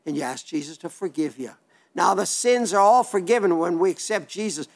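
Gravelly older man preaching folksy. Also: high-pitched, animated, fairly quick. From South Dakota. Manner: plainspoken, folksy, rambling with restarts. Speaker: radio preacher. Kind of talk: homely broadcast sermon reading listener letters.

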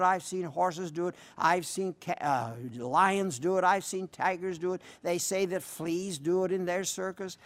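An older man preaching a folksy sermon, telling stories with emphatic repetition and answering listener letters. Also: high-pitched. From rural sheep-raising upbringing. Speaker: radio preacher.

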